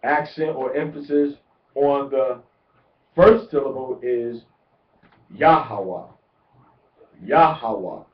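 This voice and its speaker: A man giving a deliberate religious lecture, repeating words to drive each point home. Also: medium pitch, fairly even intonation. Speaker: religious teacher. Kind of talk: instructional lecture. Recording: echoey, distant, muffled lo-fi.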